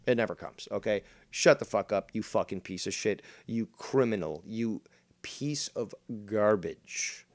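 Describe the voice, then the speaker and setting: A man's voice: on the low side, unhurried. A man streaming a rant in reply to a critic, combative, boastful and full of profanity. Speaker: streamer reacting to a critic's videos. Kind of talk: ranting commentary.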